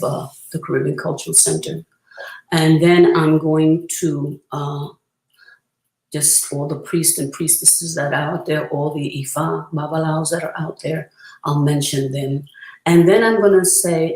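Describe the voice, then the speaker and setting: A priestess presenting a spiritual workshop, talking earnestly and reverently with frequent pauses, and reciting a prayer. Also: female voice, deep voice, darkish tone. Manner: earnest, reverent, pausing often to gather thoughts. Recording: roomy echo.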